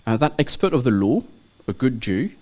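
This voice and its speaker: A man leads a Bible study class at a middle pitch, talking loosely and off the cuff. He hesitates often, filling gaps with ums and a questioning "okay?" as he explains the text to his listeners. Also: very animated, normal speed, darkish tone. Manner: hesitant, many ums and checking okays. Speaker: teacher of a church study group. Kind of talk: informal classroom lecture.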